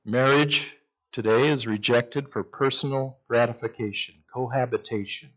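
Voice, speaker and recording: A man's voice: medium pitch, fairly even intonation, normal speed, fairly bright tone, lo-fi sound. A male pastor preaching a sermon, retelling scripture as a story and acting out its voices.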